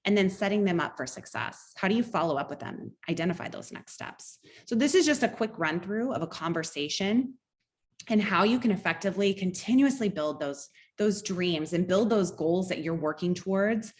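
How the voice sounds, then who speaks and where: Upbeat middle-aged woman team coach, slightly low voice, brisk, story-driven online training delivery. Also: lively intonation. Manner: upbeat, quick, conversational teaching with personal stories.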